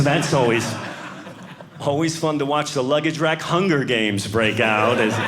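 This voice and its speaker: A man doing a snobbish airline gate agent. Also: on the high side. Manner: mock-formal announcement, sneering. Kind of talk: stand-up bit. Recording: live comedy club, audience laughter and noise.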